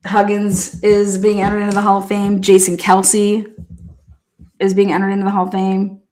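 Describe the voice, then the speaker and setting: A woman's voice: medium pitch, completely flat delivery, moderate pace, darkish tone. A woman hosting a show who rambles through casual stories, swearing freely and laughing often. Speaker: host. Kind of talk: casual storytelling.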